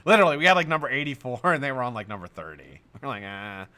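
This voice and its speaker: A man's voice: mid-range voice, very fast. A middle-aged man hosting a live stream, telling stories casually to his chat, swearing freely and laughing often. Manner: animated, profane, laughs often.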